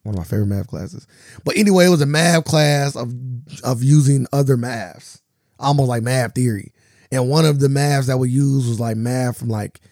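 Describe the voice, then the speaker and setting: A male podcast co-host who talks in a rambling, slangy way and leans on fillers. His voice sits at a middle pitch, recorded close on a dry mic. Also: darkish tone, no echo. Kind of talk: casual chat.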